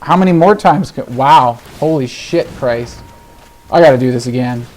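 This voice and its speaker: Male gameplay host, frustrated rant, mutters then yells, mid pitch. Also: normal speed. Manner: exasperated ranting, swearing, swings between muttering and shouting. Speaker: gaming video host. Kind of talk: live gameplay commentary.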